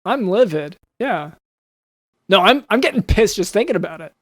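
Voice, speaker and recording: A man hosting a comedy podcast, talking in a halting, hesitant way full of fillers and restarts. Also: high voice, lively intonation, dry recording, clean studio sound. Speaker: podcast host.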